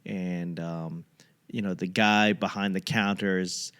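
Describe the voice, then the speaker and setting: A man's voice: deep voice, unhurried, clear, resonant tone. Profane rambling young man, comic monologue. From Boston area, USA. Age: young adult. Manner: rambling, profane, animated impressions of others. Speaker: comedian podcast host. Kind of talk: casual comedic monologue.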